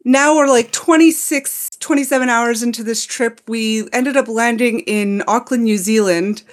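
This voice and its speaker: A woman from Canada with a Montreal English accent, a podcast guest telling lively stories in casual chat and enunciating her words clearly. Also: fairly high pitch, moderate pace.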